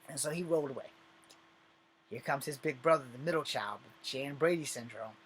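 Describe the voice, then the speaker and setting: A man's voice: medium pitch, a little fast, fairly bright tone, slight background noise. A man in his forties telling a personal story casually, rambling, swearing freely and correcting himself as he goes. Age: 40s. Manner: profane, rambling, self-correcting.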